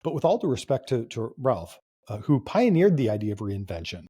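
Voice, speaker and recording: A husky, mellow-toned man in his fifties talks as an interview guest. He tells stories with energy, pushing hard on key words. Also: mid-range voice, brisk. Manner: energetic, emphatic storyteller. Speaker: guest, brand founder. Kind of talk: conversational interview.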